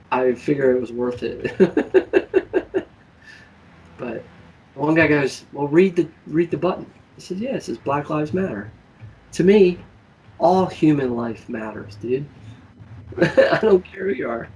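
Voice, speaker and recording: Guy hosting a talk show, tells stories with lots of voices, kinda high pitched, sounds a bit away from the mic. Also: measured pace, long pauses, distant mic, rough recording. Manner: animated storytelling, acts out quoted people. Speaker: show host. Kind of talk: casual political chat.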